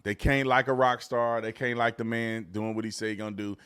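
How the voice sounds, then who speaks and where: Dude ranting over news clips, aave, mocking, goes from mumbling to yelling. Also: male voice, a little fast, smooth. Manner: mocking, animated, swings from low mutters to shouts. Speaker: political commentary host. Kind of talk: casual reaction commentary.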